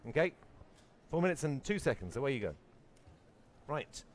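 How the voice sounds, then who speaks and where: A man hosting a live masterclass for an audience, playful and quick to tease. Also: sing-song. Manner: playful, puts on a booming movie trailer voice. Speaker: workshop host. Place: event hall with an audience.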